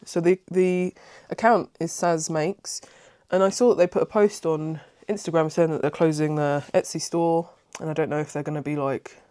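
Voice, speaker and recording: A woman's voice: low-pitched, fairly even intonation, moderate pace, dark tone, no echo, studio quality. A woman vlogging at home in a casual, rambling chat, emotional and easily moved, often breaking off and restarting. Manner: rambling and self-interrupting. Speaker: craft vlogger.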